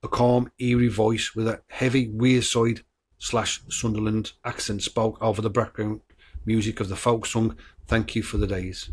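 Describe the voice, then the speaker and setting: Husky low-voiced man, blunt podcaster. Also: little pitch movement, moderate pace. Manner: blunt and swearing, stumbling over words. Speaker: podcast host. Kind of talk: casual true-crime podcast talk mixed with reading notes.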